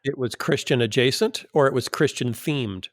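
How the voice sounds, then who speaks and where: A man's voice: mid-range voice, moderate pace, dry recording, clean studio sound. A man hosting a casual podcast panel, teasing his co-hosts with a wry humor and reading quoted passages aloud with emphasis. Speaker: podcast host.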